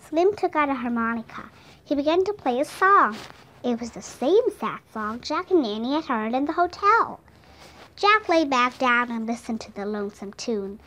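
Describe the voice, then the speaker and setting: A woman whose first language is Vietnamese, reading a children's audiobook aloud in a clear, expressive way. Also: a little high, normal speed. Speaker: storybook reader.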